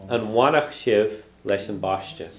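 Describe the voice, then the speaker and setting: In an echoey classroom full of student chatter, a man leads a language lesson, patiently modeling phrases for repetition and frequently checking in with "okay?". He speaks unhurriedly in a lowish voice.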